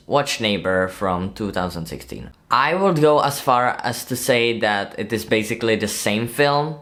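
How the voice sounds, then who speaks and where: A man at a middle pitch hosts a casual movie breakdown video. He talks chattily, keeps asking viewers to leave comments, and laughs at his own slips. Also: fairly bright tone. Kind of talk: casual scripted narration.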